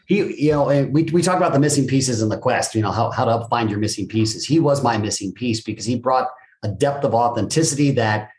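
A man's voice: mid-range voice, brisk, darkish tone. A middle-aged man, a guest in a podcast interview, telling stories energetically and swearing casually. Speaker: guest, business coach. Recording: roomy echo.

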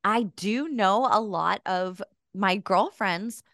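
A woman's voice: mid-range voice, slow, a bit bright, no room sound, studio quality. A woman co-hosting a podcast in casual chat, opinionated and laughing often. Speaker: podcast co-host.

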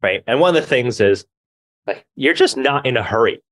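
A man's voice: medium pitch, expressive, moderate pace, a bit bright. A man speaking as a founder guest in a podcast interview, reflective and earnest. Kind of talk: conversational interview.

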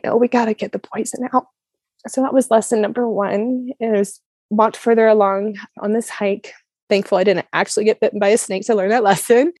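Candid and conversational, a Colorado guest tells her personal faith story, sprinkling in lots of "like" and "you know" as she speaks earnestly and openly. She has a mellow, medium-pitched voice, recorded cleanly in a studio without echo.

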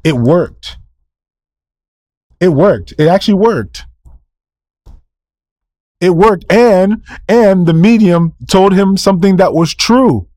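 A man's voice: high-pitched, lively intonation, slow pace, pauses often, darkish tone, dry recording, studio quality. A male preacher delivering a sermon, emphatic, firing off rhetorical questions, answering them himself and repeating key phrases.

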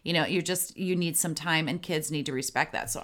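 Chatty woman podcast host, lowish voice. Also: brisk, fairly bright tone. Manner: conversational, acts out sample phrases to kids. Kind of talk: casual advice monologue.

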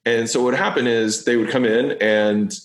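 A man talking bluntly and quickly in a casual interview over a video call, peppering his talk with "like" and "right?". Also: mid-range voice, steady tone. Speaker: business guest being interviewed. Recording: echoey video call audio.

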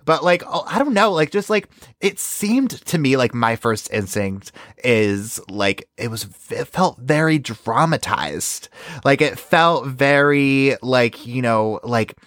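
A man's voice: mid-range voice, expressive, slow, a bit bright, no echo, clean studio sound. A male podcast host narrating and chatting about a true crime case, rambling and full of filler words.

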